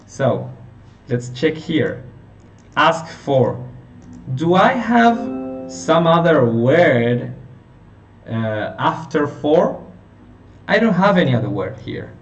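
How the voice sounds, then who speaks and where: A man teaching a phonetics lesson, explaining slowly and checking in with his listeners. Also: fairly high pitch, sing-song, soft background music. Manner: slow, explanatory, checking in with "okay?". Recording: roomy, distant, dull lo-fi sound with faint hiss.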